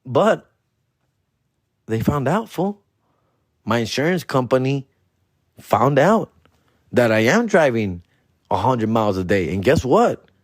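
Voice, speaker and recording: A man's voice: mid-range voice, big pitch swings, measured pace, pauses often, no echo, clean studio sound. A man hosting a comedy podcast, telling a story in profane slang mixed with Spanish words.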